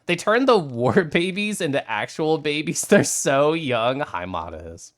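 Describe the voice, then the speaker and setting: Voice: mid-range voice, big pitch swings, unhurried. A streamer chatting casually on a live stream, reading out viewer messages, greeting viewers and laughing often.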